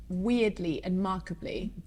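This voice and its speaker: A woman in her thirties, a singer being interviewed, chatting casually and telling animated stories with frequent laughs. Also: fairly low pitch, unhurried. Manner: chatty, animated storyteller who laughs often. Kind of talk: casual chat.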